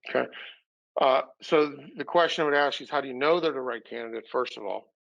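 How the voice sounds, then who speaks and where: Still recovering from illness and a bit short of breath, a man coaches with energy in a sales training webinar on a video call, performing quoted lines of dialogue. His mid-range voice is creaky and fairly bright, moving fairly quickly over dull audio.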